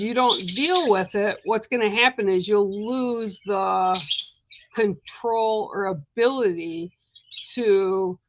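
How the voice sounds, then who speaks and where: A woman giving a casual live card reading, talking in an unhurried, hesitant way with fillers and restarts. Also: mid-range voice, a bit bright, lo-fi sound, a little hiss or hum. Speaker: card reader.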